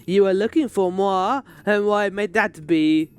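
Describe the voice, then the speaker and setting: A man's voice: high voice, fairly even intonation, normal speed, darkish tone, smooth, natural voice. Man doing a mock-French Tarutaru scholar. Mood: theatrical. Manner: reads game dialogue aloud in a put-on voice.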